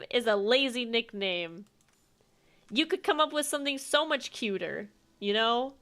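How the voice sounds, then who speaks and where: A woman's voice: a little high, expressive, a little slow, fairly bright tone. A young adult woman streamer chatting casually while playing a game, rambling with lots of filler words. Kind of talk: casual gameplay commentary.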